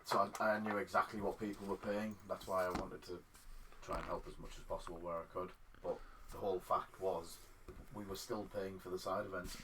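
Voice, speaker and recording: A man's voice: low-pitched, flat delivery, a little fast. A man chatting casually while a tabletop game is played, repeating words as he gets going. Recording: faint background noise.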